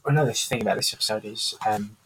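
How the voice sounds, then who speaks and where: A man's voice: fairly low pitch, quick pace, fairly bright tone, slight background noise, low-quality recording. A man co-hosting a podcast, chatting casually and agreeably about a TV show. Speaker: podcast co-host.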